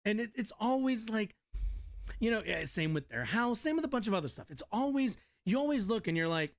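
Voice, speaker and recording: A man's voice: high voice, big pitch swings, fairly quick. A man streamer ranting in a casual, blunt and profane way, rambling with restarts. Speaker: streamer reading and reacting to a news article. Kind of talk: casual rant commentary.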